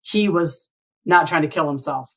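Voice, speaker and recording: Her voice sits low with a fairly bright tone as this woman in her forties, a guest on an interview show, tells a personal story at normal speed. She's earnest and openly emotional, keeping it chatty with frequent "right?" and "you know?" check-ins. The audio is poor and slightly rough.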